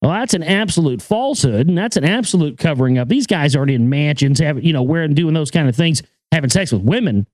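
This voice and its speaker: A man's voice: a little high, animated, quick pace, hardly any pauses, a little mellow, no room sound. A man hosting a casual monologue, talking emphatically and profanely, often repeating his words. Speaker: podcast host and filmmaker.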